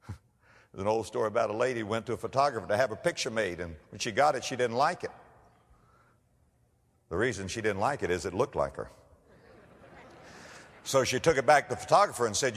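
A man preaching a sermon, telling stories and rising to loud emphatic declarations. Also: fairly low pitch, expressive, brisk, long pauses, husky, long reverb tail. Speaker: pastor.

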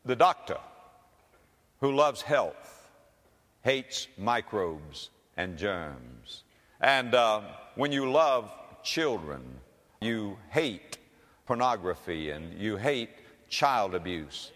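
A pastor preaches in a dramatic sermon style, his pitch rising and falling over a wide range as he leans hard on key words. His voice rings out with a long hall reverb around it. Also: big pitch swings, extremely slow, fairly bright tone.

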